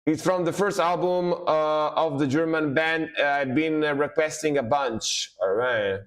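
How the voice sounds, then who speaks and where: A man with a slightly high voice and a measured pace streams live reactions to music. He muses aloud, stumbles over foreign words, cheers the riffs, and lets out excited exclamations as the music plays.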